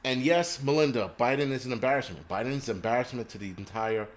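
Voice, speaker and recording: A man's voice: medium pitch, quick pace. A man hosting a livestream, ranting crudely and rambling while he answers viewers' chat. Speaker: livestream host.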